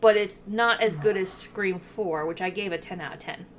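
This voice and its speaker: A woman co-hosting a podcast in casual chat, talking in an animated way with lots of fillers and swearing, eating while she records. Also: mid-range voice, moderate pace, slight background noise. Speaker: podcast co-host.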